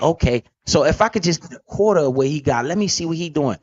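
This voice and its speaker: A man's voice: on the high side, lively intonation, fast, darkish tone, lo-fi sound. A man hosting a casual, profane talk about investing, blunt and emphatic with lots of slang. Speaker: podcast host.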